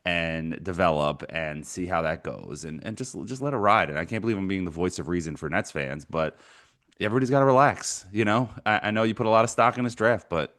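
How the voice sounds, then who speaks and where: Very deep-voiced man telling sports stories. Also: brisk. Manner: animated storyteller, laughs often. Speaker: podcast co-host. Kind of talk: sports talk podcast.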